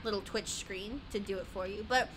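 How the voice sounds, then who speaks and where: A woman's voice: medium pitch, a little fast, a bit bright, slight background noise. A woman gaming streamer chatting casually while she plays, rambling, giggly, easily sidetracked and swearing a lot.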